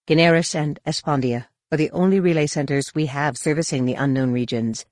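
A woman's voice: low voice, fairly quick, a little mellow, no room sound, clean studio sound, close to an everyday voice. A woman voicing a serious woman leader in an audiobook, grave and explanatory. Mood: urgent.

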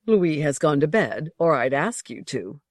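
A woman reading the part of a dignified male captain who speaks stiffly and low. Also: very animated, unhurried, no room sound, clean studio sound, full character voice.

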